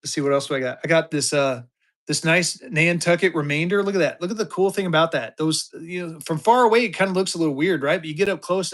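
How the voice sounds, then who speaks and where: A man in his fifties running a live-stream auction, talking fast and joking through his patter. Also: sits high. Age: 50s. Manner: energetic, joking, drawling "y'all" asides.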